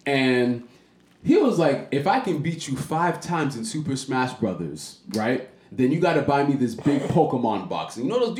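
A man hosting a podcast, telling a story in a casual, animated way and jumping into high voices when he quotes people. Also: a little hiss or hum. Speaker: podcast host. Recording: roomy echo.

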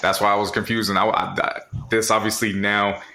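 Male podcast co-host, low voice with a bright edge, relaxed drawling chat. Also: brisk. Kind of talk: casual comedic podcast chat.

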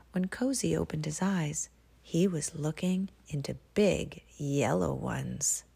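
Brief: hushed woman storyteller, slow, low, gravelly, half-whispered reading. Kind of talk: soft-spoken storybook reading.

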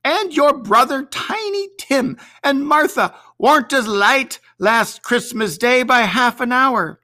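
A reader voicing a bustling, warm-hearted mother of a poor household, speaking in a fussing, affectionate, homely way. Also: sits high, expressive, slow pace, voice pushed up, exaggerated voice. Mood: fussing warmth.

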